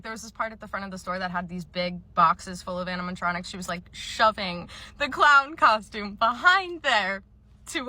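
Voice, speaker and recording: A young woman telling comedic storytime skits about retail work, deadpan and sarcastic. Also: medium pitch, dry recording. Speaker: comedy creator, former store cashier.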